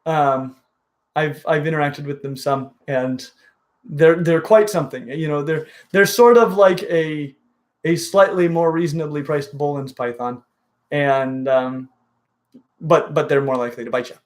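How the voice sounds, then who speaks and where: A man hosting a casual reptile livestream, enthusiastic and full of halting restarts. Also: fairly high pitch, steady tone. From dry western region. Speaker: reptile show host.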